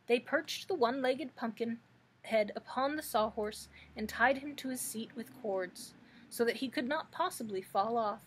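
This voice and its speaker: A librarian reading a children's book aloud in an expressive storytelling manner. Her voice is fairly high for a woman and has a husky, breathy grain. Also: moderate pace.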